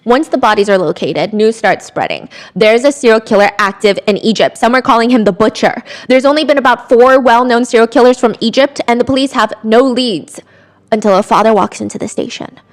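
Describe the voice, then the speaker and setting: A young woman narrates a true-crime case for a podcast in a conversational, lively way. Her voice sits a bit high, and she slips into quick asides between the facts. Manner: chatty, animated asides and quoted voices. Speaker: podcast host.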